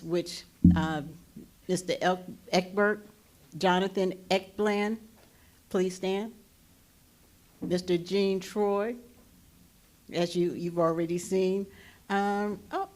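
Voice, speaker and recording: Enthusiastic woman, low voice. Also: darkish tone. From North Carolina. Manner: enthusiastic, repeats words, folksy. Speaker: commissioner giving a welcome. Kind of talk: public welcome speech. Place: forum hall at a college.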